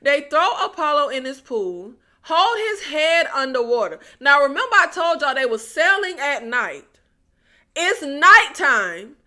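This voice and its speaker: High-voiced woman recapping a show, slow and sarcastic, keeps asking y'all what's going on. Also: very animated, bright, forceful tone. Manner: exasperated, sarcastic, rhetorical questions; addresses viewers as y'all. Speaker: TV recap vlogger. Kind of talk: casual episode recap.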